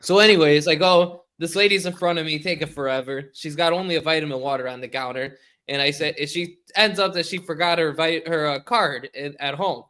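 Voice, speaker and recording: Bright-voiced laughing podcast co-host. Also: male voice, on the high side, fairly quick, hardly any pauses, clear, resonant tone. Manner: laughing storyteller. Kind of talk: casual chat. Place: remote call.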